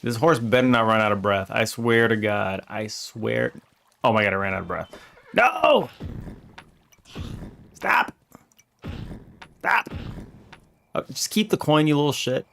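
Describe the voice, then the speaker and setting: Gravelly joking game streamer man. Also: on the low side, fairly bright tone, slight background noise. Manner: joking, laughs often, talks to his game characters. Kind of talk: casual gameplay commentary.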